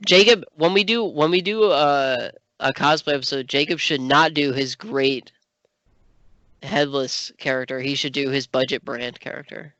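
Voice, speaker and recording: A podcast co-host chatting casually, rambling with lots of fillers and breaking into animated outbursts. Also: medium pitch, normal speed, no room sound. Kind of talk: casual chat. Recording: dry, dull lo-fi sound.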